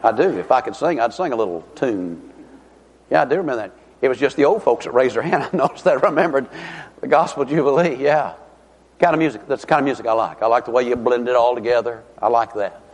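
A man's voice: medium pitch, fast, a little mellow. A man preaching a sermon in a church, folksy and conversational, telling stories and asking the congregation questions. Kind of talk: sermon with storytelling and humor. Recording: long hall reverb.

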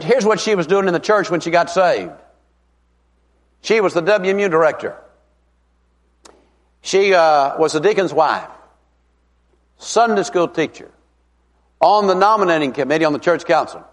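A man's voice: fairly high pitch, animated. A middle-aged man, preaching a revival sermon as an evangelist in a folksy, emphatic way, stretching out key words. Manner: folksy, emphatic, drawn-out stresses. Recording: long reverb of a large hall.

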